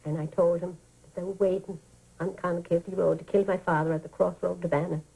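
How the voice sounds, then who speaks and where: An old storyteller. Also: female voice, on the low side, level tone, fast talker, vocal fry, dark tone, slightly rough, rough recording. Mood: warm reminiscing. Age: older. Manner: fond, vivid storytelling with sighs. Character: elderly Irish woman telling a childhood tale to children. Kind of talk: 1980s radio drama.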